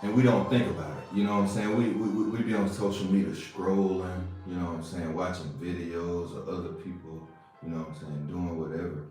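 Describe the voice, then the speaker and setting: A man's voice: low voice, steady tone, brisk, mellow. Echoey man preaching casually to listeners. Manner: casual, preachy, repeats phrases, asks "you see what I'm saying". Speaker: podcast host. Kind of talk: motivational monologue. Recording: roomy echo with faint music.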